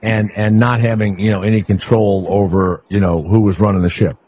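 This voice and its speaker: A man's voice: fairly low pitch, fairly even intonation, a little fast, dark tone, highs cut off, slight background noise. A man hosting a talk radio show, chatting loosely and joking with guests and callers, rambling with fillers. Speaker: radio host. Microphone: studio microphone.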